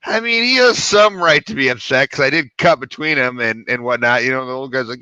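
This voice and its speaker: A man's voice: on the high side, brisk, dry recording, muffled recording. A man casually telling a rowdy story, swearing freely and acting out the other people in it. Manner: animated, swearing, acts out quoted voices. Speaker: podcast co-host.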